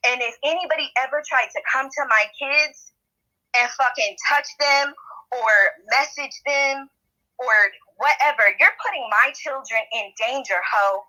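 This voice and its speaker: Woman, threatening and profane, fairly high bright voice, narrowband chat-app sound. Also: a little slow. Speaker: mother addressing a Clubhouse room. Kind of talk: angry threatening rant on an audio chat app.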